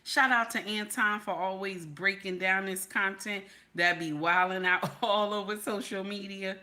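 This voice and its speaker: A woman's voice: medium pitch, steady tone, measured pace, bright, forceful tone. A woman hosting a casual livestream, chatty, calling viewers baby and honey and repeating herself for emphasis. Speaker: livestream host.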